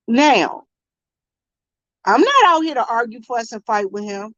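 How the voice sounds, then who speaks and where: Brief: woman, high voice, animated live-stream host, dry dull lo-fi sound. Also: measured pace, long pauses, no room sound. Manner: animated, greets chat viewers mid-story. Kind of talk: casual live-stream storytelling. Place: convenience store.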